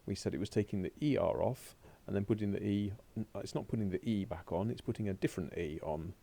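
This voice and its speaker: A French teacher with a deep, gravelly voice records a remote lesson at his laptop, at home or at a classroom desk. His dark, mellow tone moves along at a quick pace as he talks to himself while clicking through slides and commenting on the screen.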